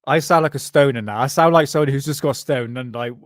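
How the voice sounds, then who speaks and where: Brief: male streamer, stoned and rambling, mid-pitched, dry close sound. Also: quick pace, dry recording. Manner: rambling, chatty, swears and laughs often. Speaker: live stream host. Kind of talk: casual live-stream chat.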